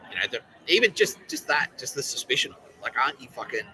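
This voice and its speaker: Bright-voiced, swearing Australian man. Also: medium pitch, sing-song, fast talker, low-quality recording. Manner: rambling, profane, heated. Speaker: podcast host. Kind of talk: casual monologue.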